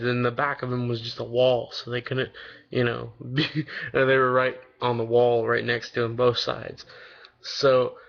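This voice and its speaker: A young man of eighteen talks straight to his audience in a loose, wandering vlog ramble, full of "like" and "you know" and casual swearing. His voice has a gravelly fry to it, and the audio sounds dull and lo-fi, like a cheap home setup. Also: medium pitch. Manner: rambling, loose and profane, many fillers. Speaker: vlogger.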